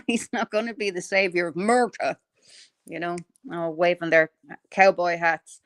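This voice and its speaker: A woman's voice: on the low side, steady tone, moderate pace, no echo, clean studio sound. A woman hosting a casual livestream, chatting bluntly with viewers and thinking aloud in a rambling, opinionated way. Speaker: livestream host. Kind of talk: casual livestream chat answering viewer comments.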